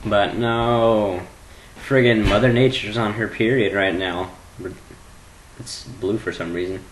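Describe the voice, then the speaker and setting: A man's voice: fairly low pitch, steady tone, takes it slowly, a little hiss or hum, poor audio. A teenage boy chatting casually at home into his webcam, rambling and joking and prone to giggling. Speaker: vlogger.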